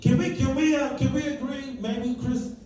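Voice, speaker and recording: A man doing a stand-up set on a club stage, bantering with the audience, swinging between loud bursts and low mutters. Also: fairly even intonation, moderate pace, over loud music. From Virginia. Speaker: stand-up comedian. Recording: echoey club recording from far off, loud crowd. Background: audience laughter.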